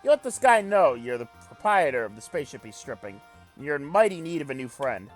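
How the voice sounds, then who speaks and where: A man playing a game on video, reading its text aloud with casual commentary, animated and swearing casually while joking at himself. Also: a little high, fast talker, faint music behind. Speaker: let's play gamer.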